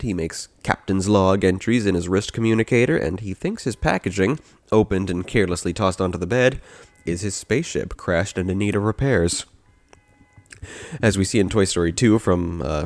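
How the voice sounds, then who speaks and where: A man with a low voice talks through a podcast in a chatty, wry way, cracking jokes and laughing at them. The sound is dry and close, with little room behind it. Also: darkish tone, no echo. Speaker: podcast host. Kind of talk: casual commentary.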